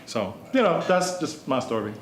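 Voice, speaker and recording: A man's voice: medium pitch, very animated, normal speed, echoey room, a little hiss or hum. A man hosting a casual podcast, telling stories animatedly and swearing freely. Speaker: podcast host. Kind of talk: casual storytelling chat.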